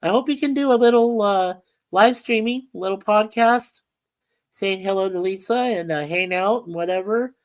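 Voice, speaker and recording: A woman's voice: mid-range voice, normal speed. A woman hosting a casual livestream chat, rambling and reading viewer comments aloud. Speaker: livestream host.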